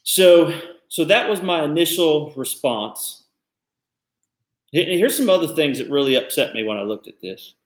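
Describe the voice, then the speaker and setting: A man co-hosting a casual discussion, thinking aloud in a thoughtful, halting way with frequent restarts. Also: fairly high pitch, expressive, echoey room. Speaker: podcast co-host.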